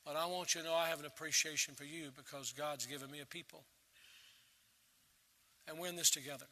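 A pastor, a man with a very bright, slightly high voice, preaches earnestly to his congregation. His words ring out through a reverberant church sanctuary. He repeats phrases for emphasis. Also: fairly even intonation, brisk. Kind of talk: sermon.

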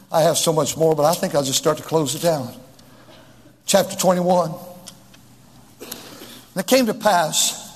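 High, husky-voiced preacher in a big church. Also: male voice. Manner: emphatic preaching with repeated exhortations. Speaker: pastor. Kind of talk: sermon. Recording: long church reverb.

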